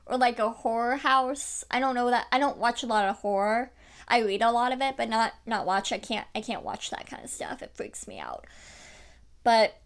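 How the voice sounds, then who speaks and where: Young woman book vlogger, chatty, excitable, higher-pitched. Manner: animated, chatty, lots of fillers and laughs. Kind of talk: casual book review chat.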